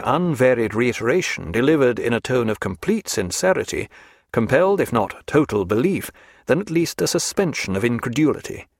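Man reading a novel aloud, lively pitch. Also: gravelly, dry recording, clean studio sound. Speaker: audiobook narrator. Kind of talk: scripted audiobook narration.

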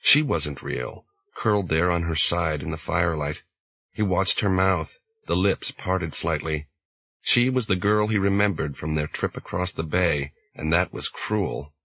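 A man narrating an audiobook in a slow, measured way. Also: low-pitched, bright, forceful tone, breathy edge, dry recording, rough recording. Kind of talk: scripted narration.

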